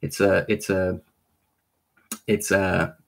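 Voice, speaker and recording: A man with a lowish voice walks through an invented alphabet at an unhurried pace. He pauses often with ums and restarts, and sounds out each letter with care. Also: level tone, creaky. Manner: hesitant, many ums and restarts. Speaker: conlang creator explaining an alphabet. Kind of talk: unscripted explanatory lesson.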